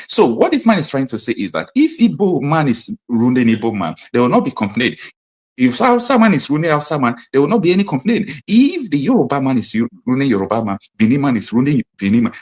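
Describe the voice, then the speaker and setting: A man with a Nigerian accent hosting an online political commentary show, talking emphatically and repeating his points. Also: mid-range voice. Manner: emphatic, repetitive, preaching tone. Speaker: host.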